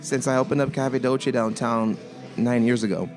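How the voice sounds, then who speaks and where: A man's voice: mid-range voice, normal speed, darkish tone, soft background music. Bar owner, man, casual podcast guest, easygoing and repetitive. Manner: laid-back, repeats phrases, curses casually. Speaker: craft beer bar owner.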